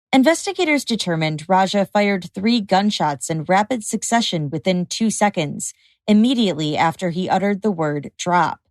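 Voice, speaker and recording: A woman reads true-crime narration in a measured, even voice. The sound is dry and close, with no room around it, and her pitch sits in a middle register. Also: dry recording. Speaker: podcast host.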